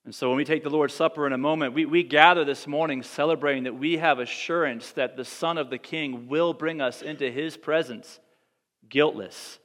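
A male pastor delivering a sermon in a church. He mixes scripture reading with wry, animated commentary, in a slightly high voice. A long reverb from the hall follows him. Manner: animated, wry asides, quick laughs.

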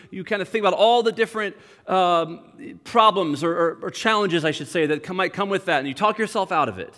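A young male pastor with a fairly high voice preaches in a conversational, animated way. The long reverb of a church hall trails behind his words. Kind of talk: sermon. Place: church sanctuary.

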